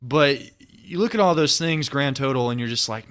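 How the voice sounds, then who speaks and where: A young man in his twenties hosts a podcast with a bright, forward voice. He muses at length in a relaxed, rambling way, often circling back to restart his thoughts. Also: mid-range voice, brisk, hardly any pauses, clear, resonant tone. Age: 20s. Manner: rambling, reflective, many restarts. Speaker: podcast host. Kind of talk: casual chat.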